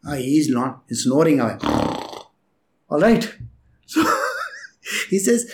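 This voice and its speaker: Lively man telling a story. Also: a little high, slow pace. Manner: chuckling often, acts out voices. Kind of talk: casual spiritual storytelling. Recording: echoey room.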